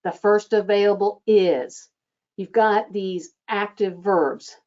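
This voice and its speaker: A woman coaching front-desk staff on phone scheduling, acting out sample lines with lively changes of tone. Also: medium pitch, slow pace, highs cut off. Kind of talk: instructional talk.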